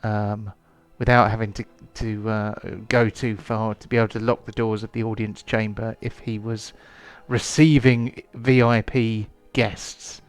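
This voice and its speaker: A man's voice: lowish voice, level tone, unhurried, hardly any pauses, clear, resonant tone, no echo. A man running a tabletop game as game master, hesitant, with many ums and restarts.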